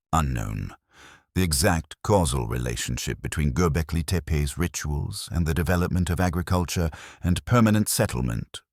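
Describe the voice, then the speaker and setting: A man giving a calm, scripted narration meant for sleep, gently wry in tone. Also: very deep voice, no room sound, clean studio sound.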